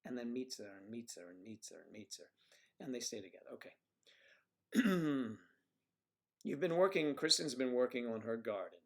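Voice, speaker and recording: A man hosting a casual livestream, rambling through stories and viewer messages and trailing off into low mutters as he clicks around. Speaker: livestream host.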